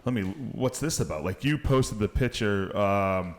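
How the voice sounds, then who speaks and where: A man's voice: fairly low pitch, lively intonation, normal speed. A man co-hosting a casual podcast chat in a laid-back manner, swearing freely.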